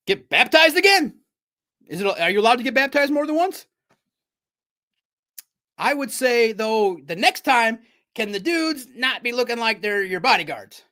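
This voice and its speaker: Animated high-voiced man talking sports. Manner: animated, jokey riffs with sudden loud bursts. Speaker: sports show host. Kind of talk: casual sports commentary.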